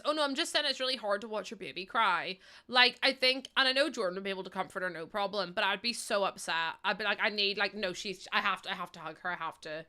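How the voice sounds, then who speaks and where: A woman's voice: mid-range voice, bright, forceful tone. A woman around thirty chatting casually with her viewers while she streams a game, laughing often and answering their messages. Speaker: livestreamer.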